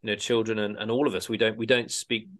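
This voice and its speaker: Rambling low-voiced man. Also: little pitch movement, fast talker. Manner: rambling, searching for words. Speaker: podcast co-host. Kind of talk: casual conversational chat.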